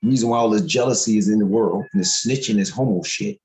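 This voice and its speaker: A man's voice: on the low side, quick pace, darkish tone. New guy ranting on his podcast, cussing, loose and rambling, echoey room. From Syracuse, New York. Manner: blunt, profane, rambling street talk. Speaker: podcast host. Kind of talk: casual podcast rant.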